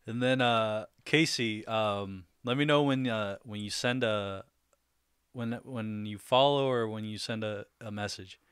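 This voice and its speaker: A man's voice: lowish voice, a little slow, fairly bright tone, clean tone, no echo, clean studio sound. A man hosting a casual livestream, talking easily with viewers, laughing often and speaking loosely with fillers and restarts. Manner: laughs often, easygoing and upbeat. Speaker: livestream host.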